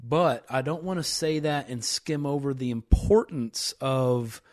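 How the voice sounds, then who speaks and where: A man in a relaxed faith conversation, speaking at an ordinary middle pitch. He thinks out loud, circles back on his words, and leans into the scripture passages he reads aloud. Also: a little slow. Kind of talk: casual faith discussion.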